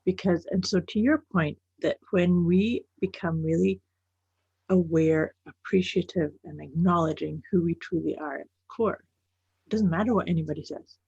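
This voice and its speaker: Woman podcast co-host, affirming and reflective, raspy tone, dry lo-fi sound. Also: fairly low pitch, normal speed, mellow, no echo. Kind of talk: casual chat.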